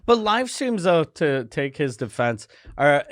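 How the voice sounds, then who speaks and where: A man's voice: a little high, very animated, a little slow, dry recording, clean studio sound. A man co-hosting a comedy podcast, dropping crude joking asides. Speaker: podcast co-host. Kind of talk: casual comedy podcast banter.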